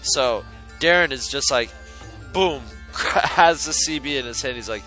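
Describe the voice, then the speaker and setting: A man hosting a podcast who tells a profane, animated story in casual chat. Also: medium pitch, unhurried, faint music behind, poor audio. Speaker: podcast host.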